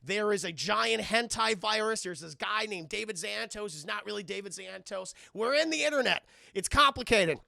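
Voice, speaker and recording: A man's voice: high voice, lively intonation, brisk, vocal fry, hardly any pauses, bright, forceful tone, dry recording, studio quality, full character voice. A man voicing an earnest male gargoyle leader explaining a situation.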